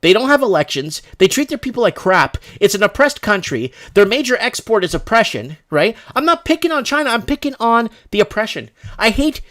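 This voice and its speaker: A man's voice: sits high, sing-song, brisk, few pauses, fairly bright tone. Rambling male livestream host. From Canada. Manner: rambling, reads viewer emails aloud, many restarts. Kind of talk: casual livestream commentary.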